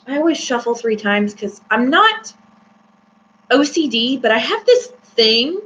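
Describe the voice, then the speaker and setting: Bright-voiced, chatty woman reading tarot. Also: on the high side, big pitch swings, a little slow. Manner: chatty and giggly, with many fillers. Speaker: host. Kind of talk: casual live-stream tarot reading. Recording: slightly dull with faint hum.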